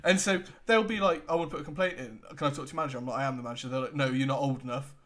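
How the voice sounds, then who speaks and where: A young man with a British accent, co-hosting a casual podcast, relaxed and laughing often as he retells customer exchanges. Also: medium pitch, racing. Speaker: podcast co-host. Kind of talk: casual chat.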